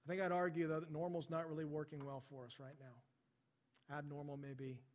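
A man's voice: a little high, level tone, normal speed, in a large hall. A man preaching a sermon, talking conversationally and slipping into the voices of the people in his stories. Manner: conversational, relives stories by voicing the people in them. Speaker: pastor. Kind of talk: sermon storytelling.

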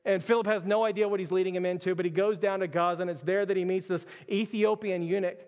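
A man's voice: high voice, fairly even intonation, fast talker, darkish tone. A young adult man preaching a sermon as pastor, telling stories casually with lots of "like" and filler. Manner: casual storytelling with frequent "like". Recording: long reverb of a hall.

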